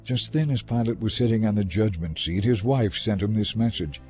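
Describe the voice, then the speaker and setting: A man narrating scripture in a measured, dramatic reading. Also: fairly low pitch, darkish tone, faint music behind.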